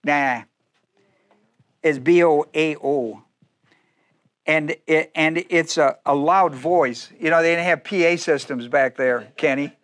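A man's voice: fairly high pitch, slow pace, long pauses, a bit bright. A man pastor preaching a sermon, acting out biblical speakers in first person with humor and frequent laughter.

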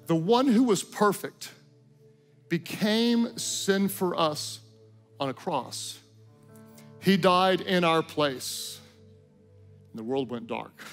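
A pastor delivers a sermon in a high-pitched voice. He rises to loud, emphatic declarations, then drops low and hushed. Quiet music plays faintly beneath him. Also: lively intonation, takes it slowly, long pauses. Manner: swings between loud emphatic declarations and hushed intimate tones.

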